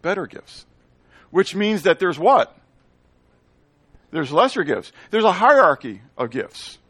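Guy pastor preaching, kinda high voice, asks the room stuff then answers it, jokey made-up words, dry sound. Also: takes it slowly, husky, no echo. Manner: animated, asks the congregation questions and answers them; playful asides in made-up words. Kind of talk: sermon.

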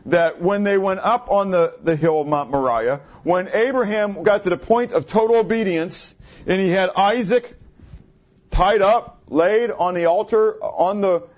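A man's voice: high-pitched, a little slow. A man preaching a sermon in a conversational way, asking the congregation rhetorical questions. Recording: dull lo-fi recording.

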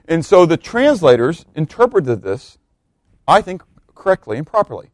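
A man's voice: sing-song, normal speed, no room sound, studio quality. Emphatic preacher, a man with a raised voice. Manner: emphatic, swells on key words then drops low, asks the congregation questions. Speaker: pastor. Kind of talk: expository sermon, reading scripture aloud.

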